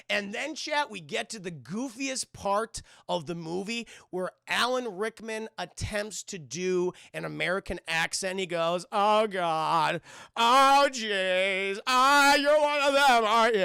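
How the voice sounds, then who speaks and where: A man streaming a casual film recap, swearing freely and calling out to his chat between beats. His voice sits high with a gravelly edge, and it sounds bright and close in a dry room. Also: no room sound. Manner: profane, rambling, keeps addressing chat.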